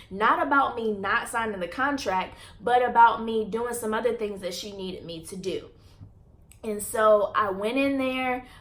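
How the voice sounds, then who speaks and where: A woman's voice: mid-range voice, fairly bright tone. Give me an earnest young woman with a mid-range voice telling her viewers a personal story. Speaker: vlogger.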